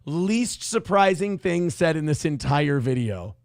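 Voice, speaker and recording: Male host, wry reaction commentary, higher voice with a gravelly edge. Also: animated, unhurried, no room sound, clean studio sound. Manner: sarcastic, joking, laughs often. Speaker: show host. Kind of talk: reaction commentary on a video clip.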